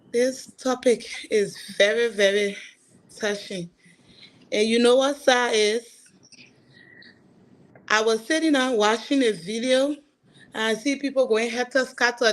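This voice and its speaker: A woman calling into a live talk show on her phone, speaking in a measured, earnest way. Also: a little high, poor audio. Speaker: caller. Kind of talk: call-in talk.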